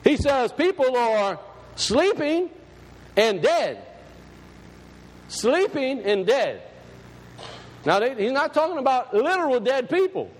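A man preaching as pastor, with a high, light voice and a plain-spoken, folksy delivery. He drives his points home with emphasis. The sound carries a long, hall-like reverb. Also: big pitch swings, slow pace, long pauses. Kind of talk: sermon.

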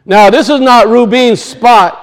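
A man's voice: very high-pitched, a little slow, rough recording. A man preaching a sermon. He reads scripture aloud, asks his hearers pointed questions and often repeats words for emphasis.

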